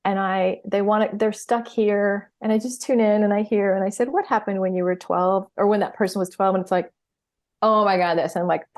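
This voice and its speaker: Animated middle-aged woman telling stories. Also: mid-range voice, fairly quick. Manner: animated storytelling, acting out her own reactions with laughs. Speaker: podcast guest, healer and coach. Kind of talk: casual interview chat.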